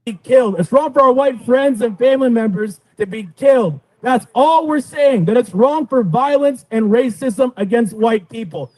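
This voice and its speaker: Defiant high-voiced man, heard from afar. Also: moderate pace, hardly any pauses, no echo. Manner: defiant, forceful. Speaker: protest speaker. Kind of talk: rally speech. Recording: distant outdoor rally recording.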